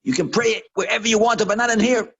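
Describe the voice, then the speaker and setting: A man voicing an angry woman who yells orders at an intruder, loud and harsh. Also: high-pitched, quick pace, vocal fry, husky, dull audio, voice pushed up, full character voice. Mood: furious. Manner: yelling, harsh and commanding. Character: angry woman guarding an office room.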